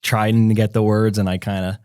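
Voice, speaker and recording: A man's voice: lowish voice, level tone, brisk, a little mellow, clear, resonant tone, no room sound, studio quality. A young man co-hosting a podcast, telling a long story casually, full of "like" and acted-out quotes. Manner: rambling, filler-heavy, acts out quotes. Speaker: podcast co-host.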